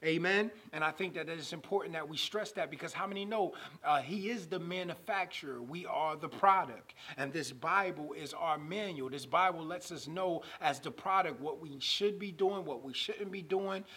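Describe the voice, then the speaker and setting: Husky guy preaching, kinda high voice, gets loud and fired up, slows way down on scripture. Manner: rising to loud emphatic preaching, slowing to draw out scripture. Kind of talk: sermon.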